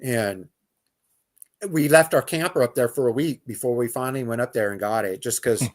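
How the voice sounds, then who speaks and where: A man's voice: mid-range voice, normal speed. A man telling a personal outdoor story as a guest, in loose casual speech with fillers, restarts and imitated animal calls. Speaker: guest recounting an outdoor encounter.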